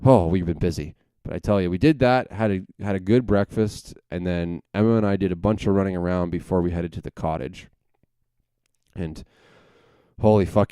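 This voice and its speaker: A man's voice: low-pitched, dark tone, smooth, dry recording. A young man hosting a podcast, telling a rambling, profane story full of self-corrections in a casual monologue. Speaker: podcast host.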